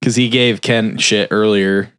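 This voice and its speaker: A man's voice: on the low side, steady tone, a little slow, fairly bright tone, clean tone. A man on a podcast casually retelling a film's plot, swearing freely and rambling with lots of filler words. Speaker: podcast host. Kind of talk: casual film recap.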